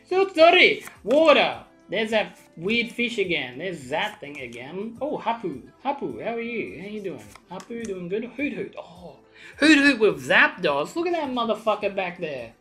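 A young woman hosting her channel, chatting casually and swearing often as she opens card packs for viewers. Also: lowish voice. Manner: excitable, swears a lot, chatty asides to viewers. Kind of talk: casual pack-opening commentary.

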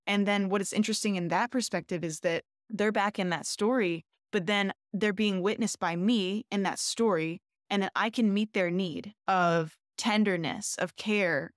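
A woman's voice: lowish voice, no room sound. Earnest woman speaking in a dry room. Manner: earnest, open, with many restarts and "like". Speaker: shibari artist, guest. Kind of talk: reflective conversational interview.

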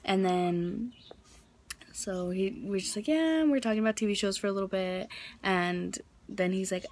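A woman's voice: mid-range voice, normal speed, long pauses, darkish tone. A young adult woman talking casually to her camera in a daily vlog, telling a story with lots of ums and asides. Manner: chatty storytelling with many ums. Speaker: vlogger. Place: outdoors for part of the vlog.

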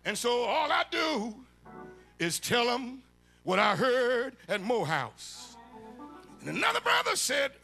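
A man preaching a sermon, shouting and chanting his lines in a sung, call-and-response cadence. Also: very high voice, huge pitch swings, slow, creaky, faint music behind. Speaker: bishop preaching. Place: church sanctuary.

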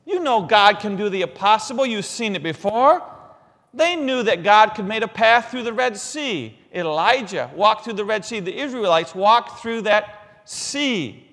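A man preaching a sermon in a church. He talks dramatically, dropping to a hush and then rising loud, asking the congregation questions and repeating key phrases. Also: sits high, animated, unhurried. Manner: dramatic, swinging from hushed lines to loud emphatic ones. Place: church sanctuary. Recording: long reverb of a large church hall.

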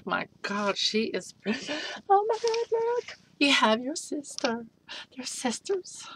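A woman's voice: low voice, a little hiss or hum. A woman reviewing a doll she just unboxed, gushing with breathless exclamations.

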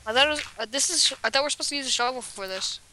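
A woman's voice: high voice, very fast, pushed and bright, slight background noise. A woman chatting casually while playing a game with friends, matter-of-fact and teasing. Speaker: gamer. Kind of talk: casual gaming chat.

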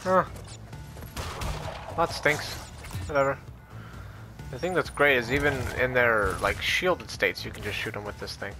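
A man's voice: medium pitch, a little slow, pauses often. A man giving playful, rambling commentary while playing a video game, muttering to himself and making silly noises. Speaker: gaming YouTuber. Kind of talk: casual gameplay commentary. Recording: game music playing under voice.

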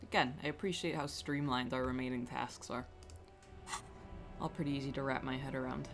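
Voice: mid-range voice, fairly even intonation, brisk, fairly bright tone, faint music behind. A game streamer chatting casually on a live stream while playing, laid-back, swearing freely and laughing often.

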